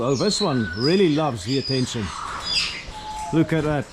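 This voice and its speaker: A middle-aged travel vlogger chats casually on a walking tour through an outdoor bird park, with lively intonation and a measured pace. As he goes, he coos at the birds in a high, sing-song voice, while loud bird noise fills the outdoor clip.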